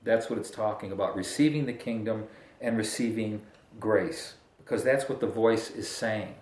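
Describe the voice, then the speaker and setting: A man's voice: lowish voice, moderate pace, darkish tone, reverberant. A man preaching a casual, conversational sermon as pastor, joking and breaking into emphatic bursts.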